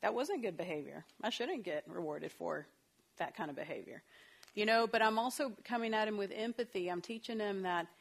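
A woman's voice: medium pitch, animated, a little fast, creaky. A woman counselor giving a talk on parenting, telling stories from her own family in a chatty way and acting out the dialogue. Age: adult parent of a young child.

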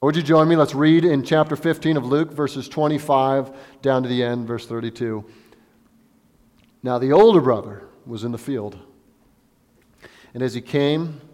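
A man's voice: mid-range voice, a little mellow. A male pastor preaching a sermon in an earnest way, repeating phrases for emphasis. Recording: long hall reverb.

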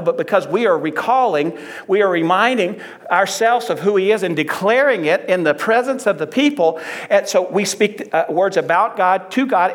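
A man's voice: sits high, a bit bright. A middle-aged man preaching a conversational sermon, repeating phrases for emphasis. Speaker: pastor.

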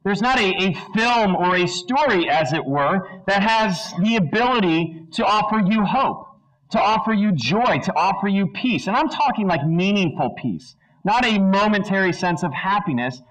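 High-voiced preacher quizzing a congregation. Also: male voice, moderate pace, low-quality recording. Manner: animated storyteller, asks the audience questions; brief movie-line impressions. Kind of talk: sermon.

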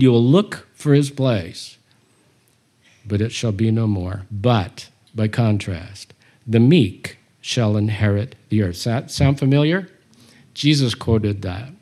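A man's voice: medium pitch, a little mellow. A man teaching a Bible study, reading scripture aloud and commenting on it with humor.

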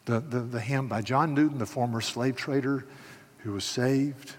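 An older man preaching a sermon, stumbling over restarts as he tells a story quietly, then rising to loud, emphatic proclamation. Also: mid-range voice, normal speed, husky, in a large hall. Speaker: pastor.

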